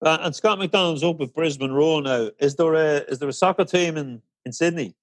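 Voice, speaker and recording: A man hosts a fan podcast and puts questions to his guest with easy banter. His voice sits a little on the high side and sounds close and dry, with no room around it. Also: a little fast, dry recording. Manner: friendly, bantering interviewer. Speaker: podcast host. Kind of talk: casual interview chat.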